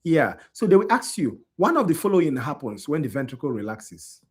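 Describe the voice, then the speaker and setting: A worn-out man teaches an anatomy class. His voice is husky and his pitch rises and falls a lot. He keeps asking his students whether they follow. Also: very animated, fairly quick. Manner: quizzing students with repeated checks like "you understand?". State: tired. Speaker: anatomy instructor. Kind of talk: classroom lecture.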